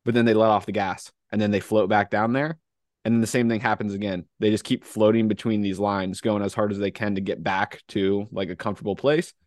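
A man co-hosting a podcast in relaxed casual chat. He laughs often and leans on "like" as a filler. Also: on the low side, fairly quick, dry recording, clean studio sound. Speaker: podcast co-host.

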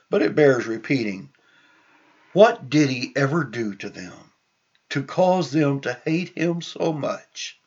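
Male preacher, unhurried and husky, reading scripture then musing aloud, on a dull lo-fi recording. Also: fairly high pitch. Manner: slow, conversational, with frequent restarts and asides.

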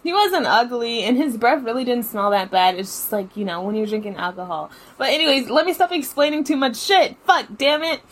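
Young female podcast host, slightly high voice, loose and profane storytelling. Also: brisk, few pauses. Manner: chatty, profane, filler-heavy with lots of "like". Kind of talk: casual storytelling.

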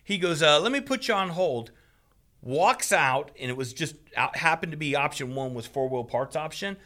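A man casually retelling a frustrating story, animated and profane, laughing as he goes. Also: a little high, moderate pace. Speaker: storyteller on a talk show. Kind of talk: casual chat.

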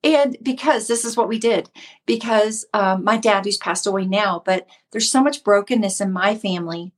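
A middle-aged woman with a mid-range voice hosts a casual Christian livestream at a moderate pace. She teaches in a conversational, devotional style and greets viewers by name.

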